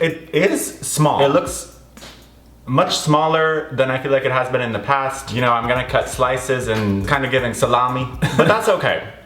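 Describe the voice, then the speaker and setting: A man's voice: medium pitch, a bit bright, roomy sound, a little hiss or hum. A man chatting casually through a home cooking vlog, laughing often and calling his viewers y'all. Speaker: cooking vlogger. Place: home kitchen.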